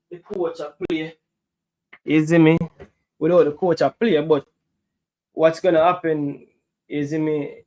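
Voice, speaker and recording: A man's voice: a little high, warm tone, poor audio. Jamaican man hosting a live stream. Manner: chatty, frequent "you see me" tags. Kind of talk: casual live stream chat.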